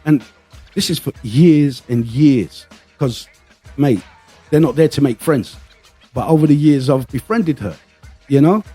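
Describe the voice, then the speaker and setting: A man's voice: mid-range voice, expressive, unhurried, pauses often, dark tone, husky, soft background music. A man hosting a casual podcast, telling rambling anecdotes and swearing freely. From London. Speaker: podcast host.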